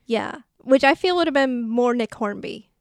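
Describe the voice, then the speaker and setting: A woman's voice: a little high, animated, moderate pace, smooth, no echo, clean studio sound. A woman co-hosting a podcast, recapping a movie in casual chat and doing playful voices for the characters. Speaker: podcast co-host.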